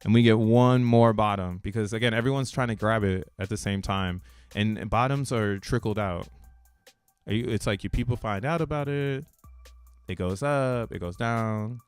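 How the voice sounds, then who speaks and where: Slangy man with a smooth, low voice. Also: normal speed, soft background music. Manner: slangy and loose, laughs between points; rambling, restarts thoughts mid-sentence. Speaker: crypto channel host. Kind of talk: casual commentary on a chart.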